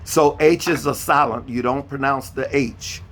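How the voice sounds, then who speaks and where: This is an online lesson for Spanish beginners, where the male teacher repeats each question patiently and spells words letter by letter. He talks a little slowly, with a medium pitch and a slightly bright tone.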